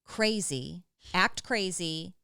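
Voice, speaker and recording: A woman's voice: on the low side, takes it slowly, gravelly, bright, forceful tone, clean tone, dry recording, studio quality. A woman co-hosting a podcast, talking casually and animatedly, stretching words for emphasis. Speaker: podcast co-host. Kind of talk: casual conversation.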